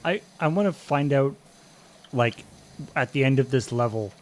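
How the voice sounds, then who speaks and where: A man's voice: mid-range voice, lively intonation, moderate pace, a little hiss or hum. Man with wry, musing game chatter. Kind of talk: casual gameplay chat.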